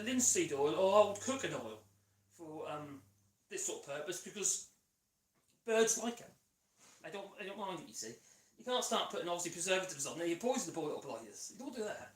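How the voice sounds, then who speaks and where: A man's voice: high voice, a bit bright, echoey room, distant mic, slight background noise. A man chatting casually on a radio mic while he builds something, rambling and cracking jokes. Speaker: vlogger. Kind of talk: casual chat while woodworking.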